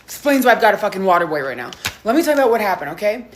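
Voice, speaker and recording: A woman's voice: medium pitch, big pitch swings, racing, slight background noise. A hungover young woman telling a story in a casual vlog, swearing heavily and animatedly.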